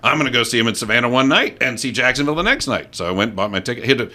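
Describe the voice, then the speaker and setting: A middle-aged man, a radio host telling stories in a casual interview, animated and acting out what others said. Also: medium pitch, racing. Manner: animated storyteller, acts out quoted voices. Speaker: radio host as podcast guest.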